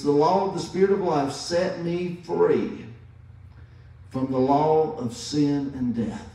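A man in his fifties preaches slowly and deliberately, leaning hard on repeated phrases. His voice is mellow and dark. It rings through a very echoey church, picked up from some distance. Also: a little high. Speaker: pastor. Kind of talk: sermon. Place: church sanctuary.

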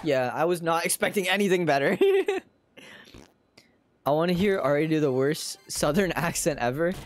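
Giggly, lively woman streamer. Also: fairly low pitch. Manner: giggly, swears casually, reads game lines aloud. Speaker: game streamer. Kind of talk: casual live-stream commentary.

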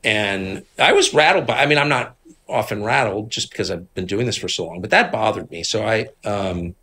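A middle-aged man from Washington, D.C., a guest telling stories in a candid conversation, moving between low asides and emphatic outbursts. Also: moderate pace, bright, forceful tone, slightly rough.

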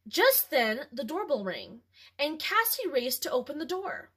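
A woman hosting a home video, chatting casually and then reading a children's story aloud with ums and pauses. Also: high-pitched. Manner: animated, with ums and throat clearing.

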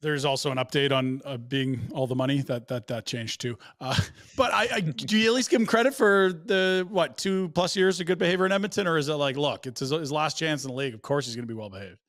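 A man co-hosting a casual sports podcast, talking in a measured, analytical way and giving context and numbers. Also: fairly high pitch, fairly bright tone, dry recording, studio quality. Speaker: podcast co-host.

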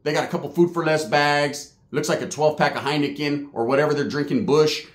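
A man's voice: on the high side, steady tone, a little fast, reverberant. A man doing stand-up, telling a profane, slang-filled story and acting out the quotes. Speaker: stand-up comedian.

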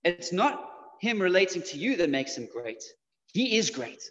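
Very animated, a youth preacher with a high, fairly bright voice talks to teenagers in a church hall at a moderate pace. His sermon is casual and conversational, peppered with fillers. Long hall reverb trails his words, and the audio sounds dull and slightly muffled.

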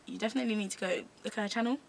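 A woman's voice: medium pitch, steady tone, racing, creaky. A young woman hosting her own vlog, chatting casually with a friend and often laughing. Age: young adult. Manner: giggly, playful banter. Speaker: vlogger host. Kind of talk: casual chat.

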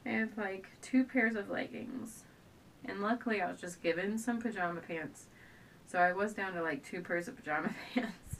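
Pregnant young mom rambling at home, kinda far from the cam, faint rumble under it. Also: female voice, normal speed, fairly bright tone. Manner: rambling, chatty, trails off and restarts often. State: pregnant, often out of breath. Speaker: stay-at-home mom vlogger. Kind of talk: casual chat to camera. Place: at home indoors. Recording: a bit distant from the camera, faint low rumble.

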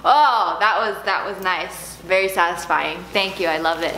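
A woman's voice: lowish voice, moderate pace, pushed and bright, roomy sound, a little hiss or hum. A young woman in her twenties, a YouTuber chatting through an unboxing vlog with a bubbly, sarcastic, giggly manner.

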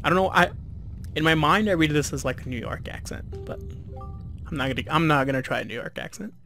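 A man giving relaxed, chatty, self-deprecating commentary while playing a video game. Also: fairly high pitch, fast, vocal fry, soft background music. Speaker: let's play host. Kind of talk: casual gameplay commentary.

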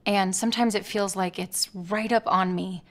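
A woman's voice: medium pitch, steady tone, moderate pace, natural voice. An actress playing a frustrated young woman in a comedy sketch, anxiously venting to her partner. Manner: anxious, complaining, wants to be heard.

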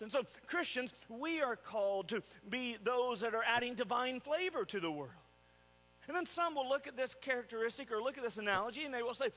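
A man's voice: very high voice, animated, fairly quick, bright, forceful tone, low-quality recording. A man preaching a sermon as pastor, putting questions to the congregation and repeating phrases for emphasis. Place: church sanctuary.

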